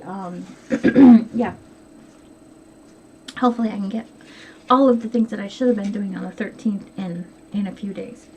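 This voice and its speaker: A middle-aged woman chats at home about her knitting and sewing, rambling along with frequent ums and hurried asides. Her voice sits at an ordinary middle pitch. A steady hiss of background noise runs under the recording. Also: rough recording. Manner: chatty, quick and rambling with many ums. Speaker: knitting podcast host. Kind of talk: casual chat to camera.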